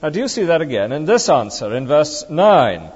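A man's voice: a little high, very animated, moderate pace, darkish tone, slightly rough. A man preaching a sermon with emphatic, rhetorical questions to the congregation. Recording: dull lo-fi recording with long reverb.

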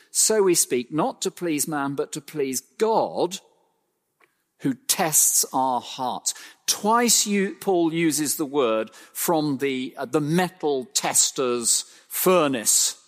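A man preaching an expository sermon, emphatic, slowing to stress phrases and swinging his pitch widely. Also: in a large hall.

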